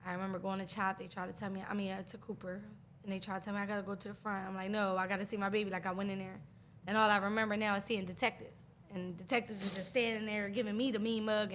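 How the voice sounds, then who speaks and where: Woman telling a raw grief story, gravelly voice, faint hiss behind, halting with nervous laughs. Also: medium pitch, pushed and bright. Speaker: guest. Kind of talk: emotional personal storytelling.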